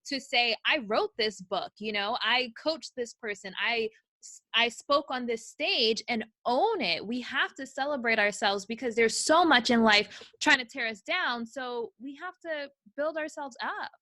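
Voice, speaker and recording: A woman's voice: a little high, expressive, unhurried, pushed and bright, no room sound. A woman hosting an interview, chatting in a casual, enthusiastic and upbeat way. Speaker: podcast host.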